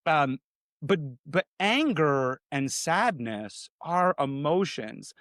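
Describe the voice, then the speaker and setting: A man who is an executive coach and a podcast guest, talking in an animated, conversational coaching manner that often acts out quoted voices. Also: on the high side, slow, no echo, studio quality.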